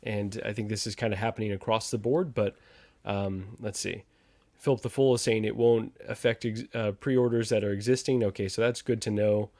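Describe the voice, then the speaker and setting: A man's voice: lowish voice, steady tone, moderate pace, warm tone, no room sound. Sarcastic male livestream host. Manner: sarcastic, laughs often, reads chat comments aloud. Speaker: podcast host reading live chat. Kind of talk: casual livestream chat.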